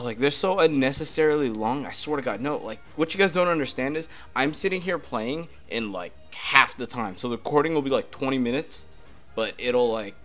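A gameplay commentator with a medium-pitched, fairly bright voice does casual let's-play commentary on a video game. He rambles, swears a lot and gets easily irritated at the game.

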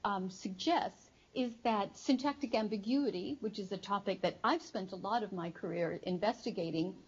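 A woman psychology professor giving an academic lecture to a live audience, explaining in a measured way with frequent ums and uhs. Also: mid-range voice, husky, muffled recording. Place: studio before a live audience.

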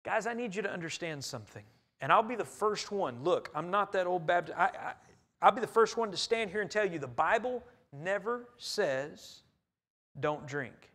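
Pastor guy preaching, high bright voice, earnest, goes loud then soft. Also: animated, moderate pace. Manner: earnest, emphatic, swinging between loud and quiet. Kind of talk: sermon. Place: church sanctuary.

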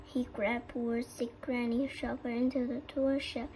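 A woman with a Vietnamese accent reading a children's story aloud, halting, with frequent slips and restarts. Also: a little high, flat delivery, a little mellow, a little hiss or hum, rough recording. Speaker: storybook reader.

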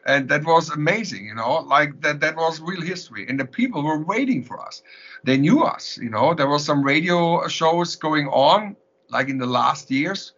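Bright, husky German man telling stories. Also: a little high, moderate pace. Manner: animated, laughs often, repeats words. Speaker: musician guest. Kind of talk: casual interview storytelling. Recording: dull lo-fi sound.

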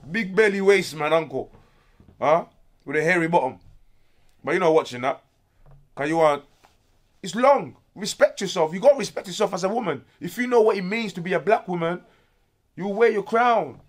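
A young man from Congo, ranting loudly with profane slang as a guest in a casual interview. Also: high-pitched, lively intonation, moderate pace, pauses often.

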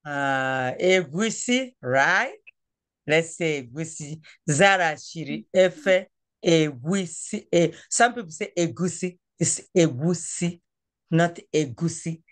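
A woman teaching a language class over a phone, patient and coaxing, repeating words slowly. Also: low voice, lively intonation.

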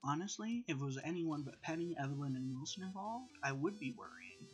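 A man playing an easygoing young team leader, teasing and relaxed. His pitch moves around freely. He sounds unbothered. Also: fairly quick, faint music behind. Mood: upbeat.

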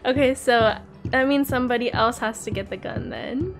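High-voiced excitable young woman gamer. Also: normal speed, soft background music. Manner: excitable, gasping and giggling often. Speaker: gaming channel host. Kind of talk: live game commentary.

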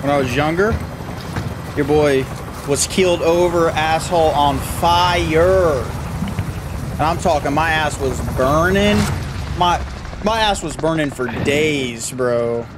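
A man's voice: a little high, takes it slowly, background noise. A man streaming from his room, chatting casually, joking, swearing and laughing often. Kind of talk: casual live-stream chat.

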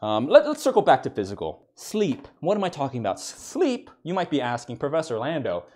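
A man's voice: a little high, huge pitch swings, fairly quick, a little mellow. A man giving a comedic mock lecture, ranting in exasperation and stammering over repeated words. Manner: mock-serious professor persona.

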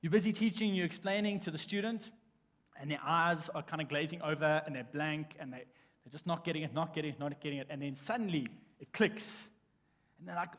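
A man's voice: on the high side, brisk. Man preaching in a reverberant church. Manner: animated storytelling with restarts. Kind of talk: sermon. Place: church sanctuary. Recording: long church hall reverb.

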